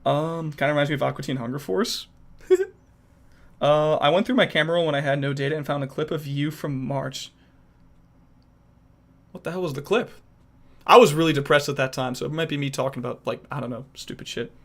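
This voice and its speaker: A young man streaming, chatting casually with viewers, animated and rambling with frequent restarts. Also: a little high, fairly quick, pauses often. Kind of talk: casual chat reacting to viewers.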